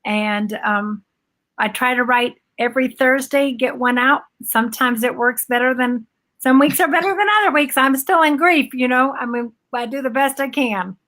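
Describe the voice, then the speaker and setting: A woman guest speaking over a video call, talking reflectively with pauses and fillers about her own life. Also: sits high, fairly bright tone. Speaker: guest, bereaved mother and blogger. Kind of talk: casual conversation.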